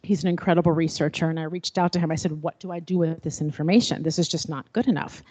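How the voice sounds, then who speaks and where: Expressive middle-aged woman telling her story. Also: low-pitched, fast, no echo. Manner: expressive, acts out remembered dialogue. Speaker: panel speaker. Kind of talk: personal storytelling at a panel.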